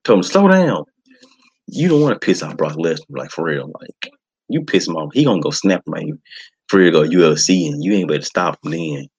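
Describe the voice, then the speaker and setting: A man hosting a podcast, giving casual, slangy commentary on wrestling as he watches. His talk jumps to high excited shouts. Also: a little fast, husky, highs cut off. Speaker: podcast host.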